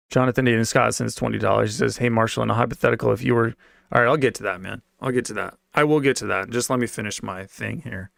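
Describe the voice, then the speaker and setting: A man's voice: mid-range voice, normal speed, gravelly, pauses often, a bit bright, no echo, clean studio sound. A young man streaming and venting about his old job in a rambling, profane, slang-heavy way while reading donations. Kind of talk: casual rant.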